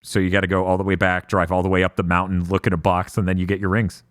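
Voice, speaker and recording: A man's voice: deep voice, fast talker, dry recording, clean studio sound. A man co-hosting a casual game podcast, retelling game scenes with lots of swearing and acted-out lines. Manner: animated storytelling, acts out game scenes with swearing. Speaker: podcast co-host.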